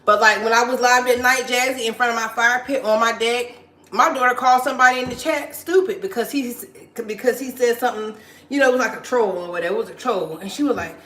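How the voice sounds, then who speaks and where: Cleaning as she goes, this mother hosts a casual home live stream, reading viewer comments aloud, cheering her audience on, and repeating herself. She talks fast in a slightly high, somewhat bright voice, and the room has an echo.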